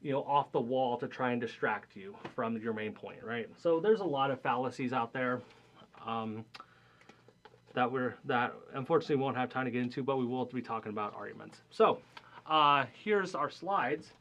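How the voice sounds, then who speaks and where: A man's voice: medium pitch, moderate pace, fairly bright tone, muffled recording. A young man teaching a math class in a casual, conversational way, often checking in with "right?" and "okay?" between points. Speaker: math instructor. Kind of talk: recorded classroom lecture.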